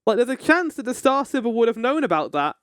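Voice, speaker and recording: A man's voice: extremely high pitch, sing-song, fast, fairly bright tone, clear, resonant tone, no room sound, clean studio sound. A man streaming a game, reading its dialogue aloud and joking with chat in casual commentary. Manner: reads game text aloud, then jokes to chat.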